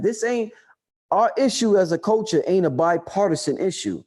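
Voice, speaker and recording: A New man chatting casually on a livestream, loose and profane, repeating himself for emphasis. His voice sits a bit high but sounds dark and mellow. He swings from low mutters to excited peaks. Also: moderate pace. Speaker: livestream host answering chat.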